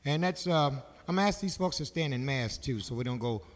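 A man's voice: mid-range voice, animated, fairly quick, long reverb tail. A man emceeing a concert, making stage announcements in a loose, joking, conversational way.

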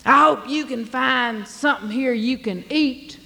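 Woman doing a gruff ornery old blacksmith. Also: high voice, unhurried, sharp tone, voice pushed up, heavily acted. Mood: grudging. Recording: long hall reverb.

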